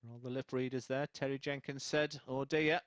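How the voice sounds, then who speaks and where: A man's voice: mid-range voice, flat delivery, brisk. A man giving live darts commentary, chatty and opinionated, teasing his co-commentator from the commentary box.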